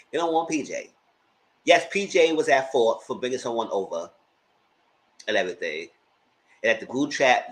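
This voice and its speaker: A man giving a casual, animated recap of a reality show, slipping into mock voices as he retells scenes. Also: medium pitch, rough recording.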